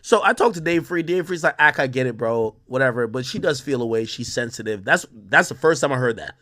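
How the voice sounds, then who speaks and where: A man's voice: fairly high pitch, lively intonation, a little fast, fairly bright tone. A young man telling a story in casual talk, swearing freely and acting out what others said to him. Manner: profane, quotes others in shifting voices.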